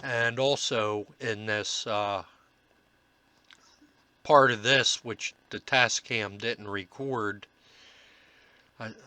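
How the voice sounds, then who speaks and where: A man narrates commentary over his paranormal investigation recordings, earnest and reflective, halting often on fillers while he collects his thoughts. He talks slowly in a lowish, steady voice with a sharp, bright edge and no room sound.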